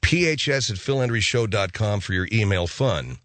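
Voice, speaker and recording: Deadpan male talk-radio host. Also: lowish voice, moderate pace, dry recording. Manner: dry, probing interviewer, deadpan.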